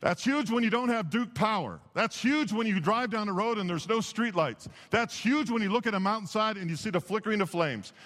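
Male pastor, fairly high voice, sermon delivery that moves from hushed to emphatic, long church reverb. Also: lively intonation, brisk, hardly any pauses. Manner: impassioned, swings from hushed to emphatic. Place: church sanctuary.

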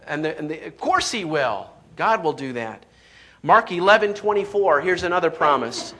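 A man's voice: on the high side, expressive, normal speed, a bit bright. A pastor delivering a sermon, preaching emphatically, reading scripture aloud and often restarting his sentences.

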